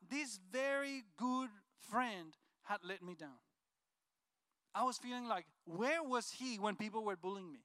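Man, high bright voice, smooth and clear, earnest testimony, dry close sound. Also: dry recording. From Colombia. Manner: earnest, heartfelt storytelling. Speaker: speaker sharing a personal testimony. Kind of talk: emotional personal testimony talk.

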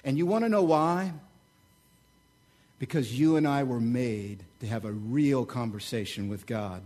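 A man preaching a sermon as pastor, joking asides and emphatic loud peaks. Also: measured pace. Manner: animated, swings between loud emphatic peaks and low asides; joking, conversational asides to the congregation. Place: church.

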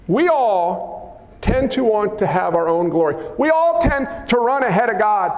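A man preaching a sermon in an animated, joking way, acting out what people say. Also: high voice, a little slow. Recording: echoey hall.

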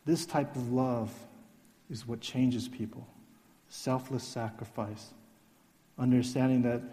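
Male pastor, mellow, earnest sermon voice, soft emphatic drops, long hall reverb. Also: mid-range voice.

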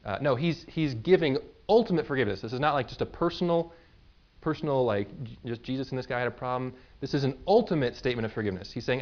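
A man preaching a sermon in a conversational way, explaining with everyday examples and quick asides. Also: medium pitch, expressive, dull audio. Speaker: pastor.

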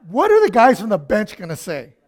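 A man delivers a sermon full of personal anecdotes, acting out voices with gusto and veering from quiet asides to shouting. His voice sits high and his delivery is brisk.

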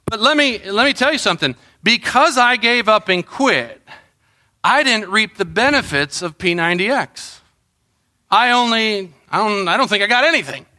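A middle-aged man preaching a sermon as pastor, telling animated stories and acting out what people said. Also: high voice, moderate pace. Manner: animated storytelling, acts out quotes and shouts.

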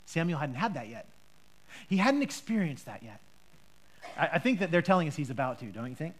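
A woman preacher teaching a Bible passage in a lively, chatty way, with frequent restarts and rhetorical questions. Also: low voice, brisk.

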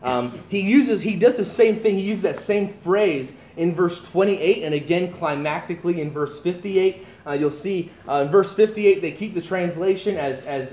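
A man teaching verse by verse from the Bible as a pastor, emphatic and animated, with frequent restarts and asides. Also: sits high, normal speed, few pauses, reverberant.

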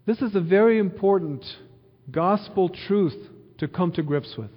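A man preaching an earnest sermon, with a slightly higher-than-usual voice, repeating phrases and asking the listeners questions. His voice carries a long hall reverb, and the recording sounds a little dull. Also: unhurried, breathy edge. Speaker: pastor.

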